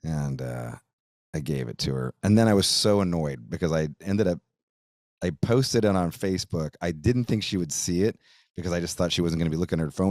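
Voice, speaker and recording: A man's voice: extremely low pitch, a little fast, darkish tone, no echo. A middle-aged man tells a rambling, profane story as host of his own podcast. He leans on "dude" and "like" and swears casually. The sound is dry and close, with no room around it.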